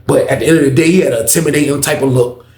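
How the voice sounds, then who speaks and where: A man's voice: medium pitch, rapid-fire, darkish tone, slight background noise. A young man telling a story in a casual, slangy way, repeating lines for emphasis. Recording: echoey room.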